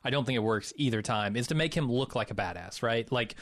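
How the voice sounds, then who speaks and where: A sardonic, profane man co-hosting a film-review podcast, with a middle pitch. His voice is recorded dry and close. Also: quick pace, fairly bright tone, no room sound. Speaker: podcast co-host. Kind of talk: casual film-review chat.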